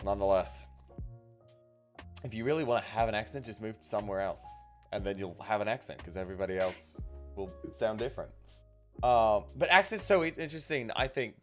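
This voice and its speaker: A man's voice: lowish voice, fairly quick, faint music behind. A man with an Australian accent hosting a live stream, chatting casually and reading out viewer comments. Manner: chatty, reads out viewer comments, lively swings in loudness. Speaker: stream host.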